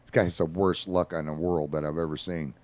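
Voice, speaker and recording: A man's voice: extremely low pitch, level tone, a little fast, a little mellow. A man, a regular on a radio show, telling rambling stories in casual talk with folksy asides.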